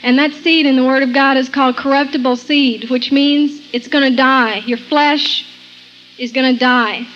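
High-voiced woman telling her testimony. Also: fairly even intonation, normal speed, fairly bright tone, dull audio, slight background noise. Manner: earnest, laughs between sentences, quotes scripture. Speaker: Christian testimony speaker. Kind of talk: personal testimony storytelling.

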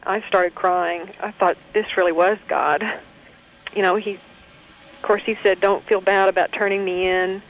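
A woman's voice: medium pitch, fairly even intonation, measured pace. A woman sharing a personal faith testimony in a heartfelt, conversational way, full of small hesitations, over a phone call. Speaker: guest recounting her experience.

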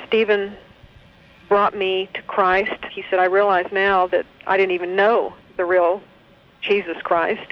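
A woman sharing a personal faith testimony in a heartfelt, conversational way, full of small hesitations, over a phone call. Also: medium pitch. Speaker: guest recounting her experience.

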